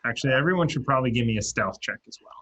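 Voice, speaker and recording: A man's voice: medium pitch, expressive, rapid-fire, a bit bright, husky, lo-fi sound. A man narrating as dungeon master for a tabletop game, loose and chatty, with lots of fillers and restarts.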